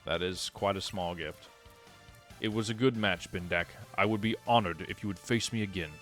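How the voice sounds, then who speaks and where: A man's voice: deep voice, moderate pace, a bit bright, faint music behind. A man reading the lines of a formal, gracious young male rival in a video game. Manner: stiff, courteous formal speech.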